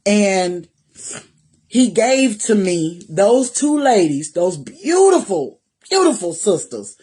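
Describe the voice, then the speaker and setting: A woman's voice: mid-range voice, sing-song, takes it slowly, mellow, breathy edge. Woman giving an emphatic personal testimony. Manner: emphatic, repeats phrases for weight; talks directly to viewers. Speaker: vlogger.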